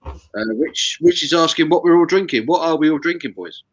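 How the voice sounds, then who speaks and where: A man's voice: on the high side, lively intonation, brisk, dry recording, low-quality recording. A man co-hosting a casual livestream, easygoing as he reads viewer comments aloud. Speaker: livestream co-host. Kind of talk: casual live chat over beers.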